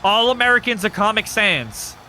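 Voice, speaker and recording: Bright, animated male streamer. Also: high-pitched, moderate pace, soft background music. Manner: excitable, joking, swears freely. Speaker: streamer hosting a wrestling show. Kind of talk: casual live-stream chat with viewers.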